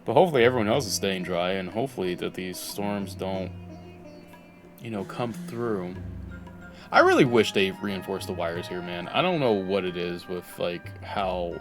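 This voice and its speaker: A male streamer chatting casually while playing, rambling and laughing as he goes. His voice sits a bit low, and soft music runs quietly in the background. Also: animated, normal speed. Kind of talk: casual chat while gaming.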